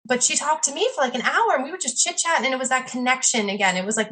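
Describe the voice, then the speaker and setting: A woman's voice: a little high, pushed and bright. A woman chatting casually as a podcast guest about her pet sitting business, full of "like" and "you know" and acted-out quotes. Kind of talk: casual interview chat.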